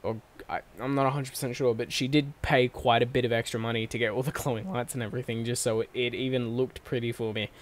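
This is a casual vlog monologue by a young male channel host, his mid-range voice level in tone and quick in pace. He rambles, curses freely and fixes his words mid-sentence while sitting at his bedroom desk, recorded on a desk microphone on a stand.

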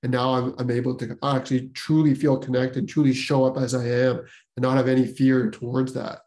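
A man's voice: mid-range voice, level tone, brisk, darkish tone. A man hosting a podcast, telling his personal story casually, rambling and full of filler words. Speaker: podcast host.

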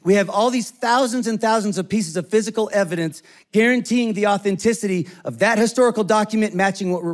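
A male pastor preaching a sermon in an energetic, conversational way. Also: high-pitched. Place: church auditorium.

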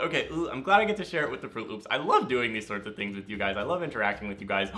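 A young man giving excited gameplay commentary, gushing and talking straight to his fans while very tired from little sleep. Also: mid-range voice, fast, hardly any pauses, soft background music. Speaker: gaming YouTuber.

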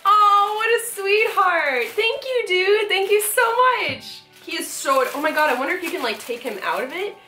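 A woman vlogger opening fan mail at home, gushing and excitable, swearing casually, recorded with roomy echo. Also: extremely high pitch, normal speed, few pauses, faint music behind. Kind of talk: casual chat.

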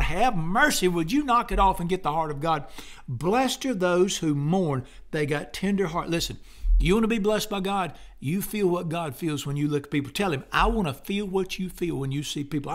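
A middle-aged man preaching a sermon in a fervent, folksy style, breaking into loud exclamations. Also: on the high side. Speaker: pastor.

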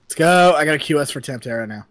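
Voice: medium pitch, very fast, fairly bright tone. A streamer playing a game and talking to chat in a casual, chatty, swearing manner, with faint game music behind.

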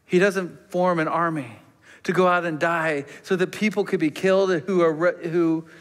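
A man preaching a sermon with emphatic rises that drop to a hushed near-whisper on key words. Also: fairly high pitch, steady tone, moderate pace. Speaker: pastor. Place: church sanctuary. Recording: long church reverb.

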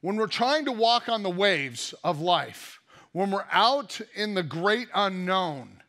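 A man preaching a sermon in a fairly high, light voice. He talks in an easygoing storytelling manner, slipping in jokes and playful asides as he goes. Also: takes it slowly. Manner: lively storytelling with jokey asides. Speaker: pastor.

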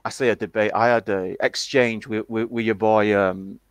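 A man in casual chat, talking haltingly with many fillers and restarts. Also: lowish voice, fairly even intonation, clean tone, no room sound, rough recording.

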